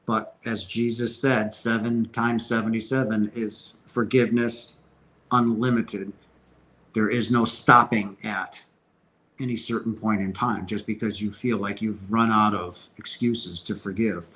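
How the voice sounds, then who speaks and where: A man's voice: on the low side, fairly even intonation, unhurried, fairly bright tone, rough recording. A man hosting a casual question-and-answer stream, speaking earnestly and emphatically, often restarting his sentences. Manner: earnest, emphatic spiritual talk with many restarts. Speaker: host answering viewer questions. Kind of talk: casual Q&A livestream.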